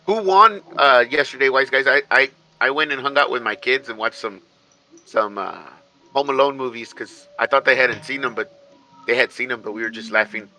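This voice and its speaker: A man chatting casually as a show's co-host, his voice strikingly bright. He rambles and stops to restart his thoughts often, in a loose, unhurried way. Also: mid-range voice, low-quality recording. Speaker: podcast co-host. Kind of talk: casual chat.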